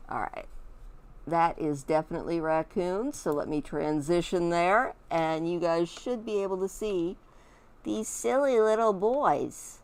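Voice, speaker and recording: A woman's voice: lowish voice, a little slow, darkish tone. A woman streaming a game from home, chatting and rambling casually to her viewers. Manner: chatty, rambling, talks to her pet raccoons in a cooing voice. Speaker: gaming streamer. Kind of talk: casual chat while streaming.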